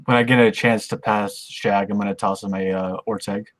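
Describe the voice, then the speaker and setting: A man's voice: fairly low pitch, fairly even intonation, moderate pace, a bit bright, no echo. Man playing a tabletop game, dry sound. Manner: casual, describes actions in first person. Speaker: player. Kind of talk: tabletop role-play.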